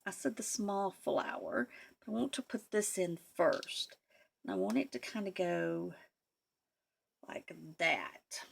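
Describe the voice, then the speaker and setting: A woman's voice: medium pitch, animated, takes it slowly, gravelly, breathy edge. A woman vlogger chatting casually while she works on a craft project. She talks to herself and her materials, sometimes dropping to a near-whisper. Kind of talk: casual crafting tutorial chat.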